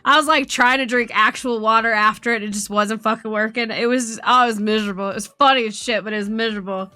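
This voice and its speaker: A woman's voice: a little high, fairly even intonation, quick pace, bright, forceful tone, no room sound. A woman streamer telling a story in casual chat, swearing often and laughing as she goes.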